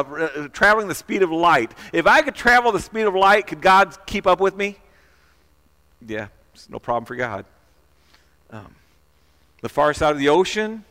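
A pastor preaches a conversational sermon, frequently asking his listeners questions and repeating words as he goes. His voice is a little high, bright and forceful, and it trails off into a long reverb tail.

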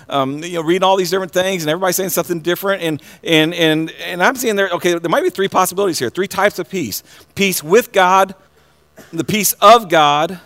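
A man preaching a sermon, earnest, often repeating words and restarting, then building to loud excited passages. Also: on the high side. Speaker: pastor.

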